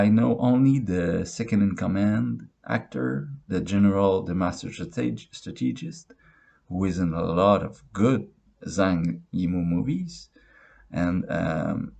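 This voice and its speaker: A man's voice: low-pitched, gravelly, a little mellow, breathy edge. A man giving a casual, rambling spoken movie review, swearing freely and restarting his sentences often. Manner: rambling, profane, many restarts and fillers.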